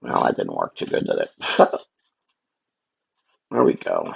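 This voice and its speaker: A man's voice: extremely low pitch, wildly swooping pitch, unhurried, creaky, slightly rough. A man chatting casually and rambling to himself and his viewers while he draws on a live stream. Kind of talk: casual livestream chat while drawing. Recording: dull lo-fi stream audio.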